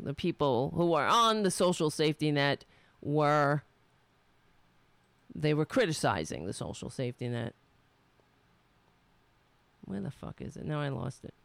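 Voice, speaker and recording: A middle-aged woman with a nasal voice holds forth as a solo talk host, her pitch leaping up and down as she swings between sarcasm and cursing. Her tone is smooth and clear. The sound is dry and close, with no room in it. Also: no echo. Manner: animated, sarcastic and profane, talking to herself between thoughts. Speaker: show host. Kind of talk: casual political talk monologue.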